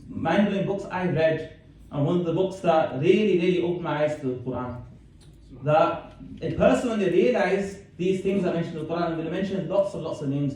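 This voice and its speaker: A man's voice: on the high side, dark tone. A male scholar giving a conversational religious lecture, reciting verses and explaining them, recorded from a distance in a community centre hall. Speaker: Islamic scholar giving a talk. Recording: very echoey hall, mic far off, faint noise.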